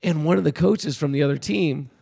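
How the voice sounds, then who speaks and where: A man casually telling a story about coaching youth baseball, animated and laughing often, getting loud when he reenacts yelling. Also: fairly high pitch, a little fast, vocal fry, slightly rough.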